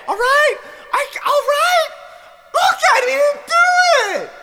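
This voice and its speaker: A man playing an overwrought defense lawyer who shouts and pleads in a comedic improv courtroom scene. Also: very high-pitched, very animated, measured pace, noisy background, exaggerated voice. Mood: frantic shouting.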